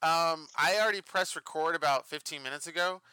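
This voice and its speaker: A man's voice: on the high side, brisk, pushed and bright, clean tone, no room sound. A young man hosting a podcast in casual chat, laughing often and swearing freely. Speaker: podcast host.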